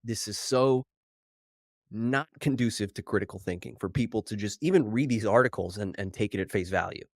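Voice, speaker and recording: A man hosting his own podcast solo, talking in an animated, worked-up way and slightly out of breath from too much coffee, mocking the headlines he reads. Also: on the low side, a little fast, no room sound, clean studio sound. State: over-caffeinated, slightly out of breath. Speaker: podcast host.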